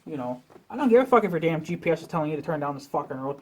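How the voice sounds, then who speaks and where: A man's voice: a little high, sing-song, rapid-fire. A man venting in a rambling, profane rant as a vlogger, talking casually to his viewers.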